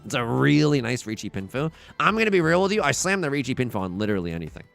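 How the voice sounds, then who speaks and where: A man's voice: mid-range voice, sing-song, rapid-fire, vocal fry, fairly bright tone, soft background music. A young man streaming a tile game live, talking through each move and joking with his chat. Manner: playful, jokey, talks to chat.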